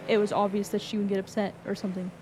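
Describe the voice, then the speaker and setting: A woman telling a story in casual chat, animated and exasperated, swearing often. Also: mid-range voice, very fast, a little hiss or hum. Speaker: streamer recounting a roleplay.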